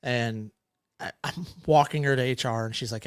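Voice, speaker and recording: A man's voice: medium pitch, moderate pace, clean tone, no echo, studio quality. A middle-aged man co-hosting a casual podcast over beers, telling rambling stories with lots of restarts. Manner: rambling, self-interrupting storyteller. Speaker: podcast co-host.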